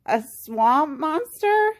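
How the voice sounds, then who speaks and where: A woman's voice: fairly high pitch, animated, measured pace. A woman voicing a timid male goose in a superhero cape, speaking nervously. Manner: nervous, anxious.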